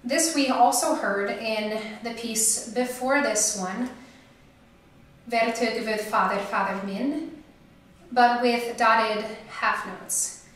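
A young woman with a fairly high voice gives a measured academic lecture, pausing now and then on a filler. Her voice carries a roomy echo around it. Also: fairly even intonation, fairly bright tone. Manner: measured, explanatory delivery with occasional fillers. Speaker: lecturer and soprano.

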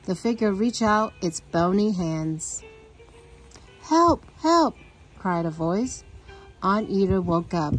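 A woman reading a children's picture book aloud, with a steady storytelling manner. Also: on the low side, measured pace, breathy edge, faint music behind, low-quality recording.

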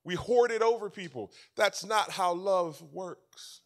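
A man preaching a sermon as pastor, telling stories with animation and swinging between loud and soft passages. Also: high voice, unhurried.

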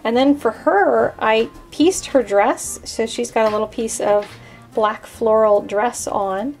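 A woman's voice: fairly high pitch, slow, a little mellow, soft background music. A woman hosting a casual card-making tutorial, explaining her steps in a chatty way.

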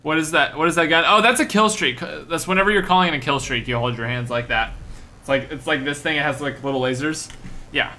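A young man streaming a game, giving energetic commentary and often repeating himself. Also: on the high side, fairly quick. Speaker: gaming streamer. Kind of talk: excited live gameplay commentary.

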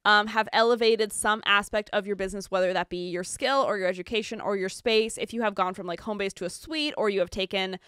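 A bright, clear-voiced young woman from the United States chats on her podcast and fills her sentences with "like" and "um". Her voice is recorded close and dry, with no room sound. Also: mid-range voice, fairly even intonation, brisk, hardly any pauses, no echo. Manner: chatty, lots of "like" and "um". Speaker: podcast co-host. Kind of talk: casual chat.

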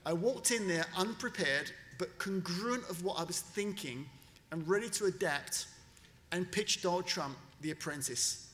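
A man tells a story at a graduation ceremony, his voice high and bright, with a long hall reverb trailing each phrase. He is an animated storyteller who slips into the voices of the people he quotes. The sound comes from a podium microphone. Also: a little slow. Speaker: commencement speaker. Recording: long reverb of a large venue.

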